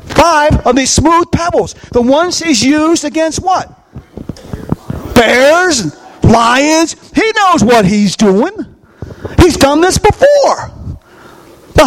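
A man preaching a sermon, animated and questioning his congregation as he acts out scenes. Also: extremely high pitch. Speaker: pastor.

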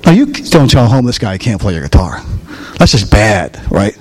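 A man's voice: fairly low pitch, very animated, fairly quick. A man preaching a sermon as pastor, telling stories and putting questions to his congregation in church. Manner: storytelling, asks the congregation questions.

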